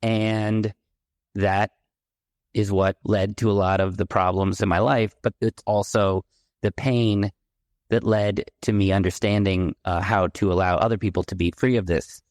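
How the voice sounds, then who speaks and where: A man's voice: fairly low pitch, unhurried, no room sound, clean studio sound. Candid middle-aged man telling a story. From San Francisco Bay Area. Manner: candid, animated storytelling with quoted dialogue. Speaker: guest. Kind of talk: personal storytelling in a podcast interview.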